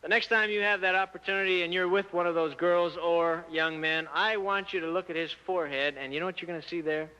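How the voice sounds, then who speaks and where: A man giving a church talk to teenagers, an animated storyteller who asks rhetorical questions and acts out the dialogue. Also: sits high, a little fast, few pauses, clear, resonant tone. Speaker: church speaker addressing youth. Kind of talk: sermon-style talk to teens. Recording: muffled lo-fi recording.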